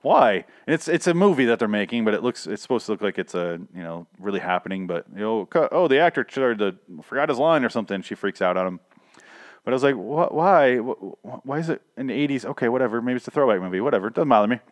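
A man's voice: lowish voice, animated, quick pace. A man casually recapping a TV episode, rambling, swearing often and interrupting himself with laughs. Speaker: podcast host recapping a TV show. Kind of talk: casual profane recap monologue.

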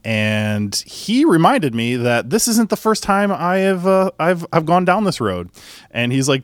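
Excitable man hosting a podcast. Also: medium pitch, no room sound, studio quality. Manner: enthusiastic, halting restarts. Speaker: podcast host. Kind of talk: casual podcast chat.

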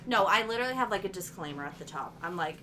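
A woman co-hosting a casual podcast, animated and quick to laugh. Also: fairly low pitch, slight background noise. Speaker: podcast co-host. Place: apartment room with friends.

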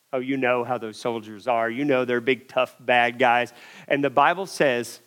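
A man preaching a sermon, telling a story in an animated way and swinging from loud emphasis to hushed moments. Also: mid-range voice, a little slow, long pauses.

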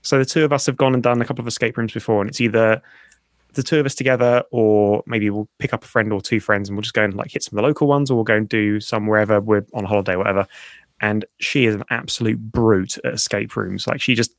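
A man's voice: fairly low pitch, steady tone, fast talker, dry recording, clean studio sound. A man hosting a podcast, telling stories in a rambling, self-deprecating, casual way. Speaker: podcast host. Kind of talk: casual chat.

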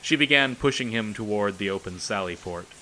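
A man narrating a novel aloud in a measured, solemn storytelling manner. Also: on the low side, sharp tone, a little hiss or hum, poor audio. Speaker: audiobook narrator. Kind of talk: scripted narration.

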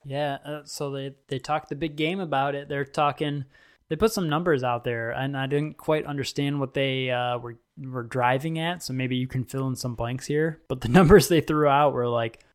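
A man's voice: mid-range voice, steady tone, normal speed, smooth. A man co-hosting a podcast in casual tech chat, telling loose anecdotes peppered with "like". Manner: loose, chatty anecdotes full of "like". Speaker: podcast co-host.

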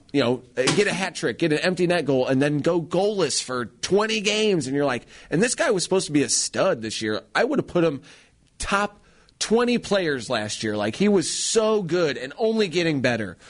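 A man co-hosting a casual talk show, telling stories in a rambling, animated way. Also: fairly high pitch, normal speed. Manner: animated storyteller, rambling with restarts. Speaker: co-host. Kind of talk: casual chat.

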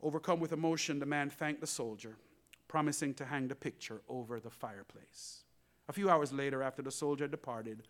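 A male pastor preaching a sermon, telling a story in an animated way and speaking straight to the congregation. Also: mid-range voice, fairly quick.

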